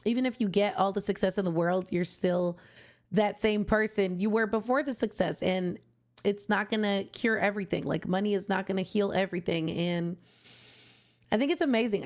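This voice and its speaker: A woman's voice: mid-range voice, moderate pace. Heartfelt young woman gushing over music. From Canada. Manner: heartfelt, gushing, tearful at times. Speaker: music reaction streamer. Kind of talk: emotional casual reaction commentary.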